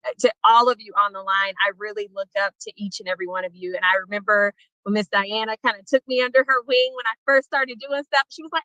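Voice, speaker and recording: A woman's voice: mid-range voice, fairly even intonation, fast, no room sound, low-quality recording. An emotional woman giving a laughing, informal thank-you speech for an award over a video call. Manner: warm, laughing often, informal. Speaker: award recipient.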